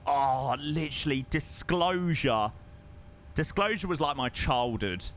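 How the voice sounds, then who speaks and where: Young guy streaming a flight sim, chatty, bright voice that jumps all over. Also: a little high, a little slow, slight background noise. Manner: chatty, excitable, self-mocking.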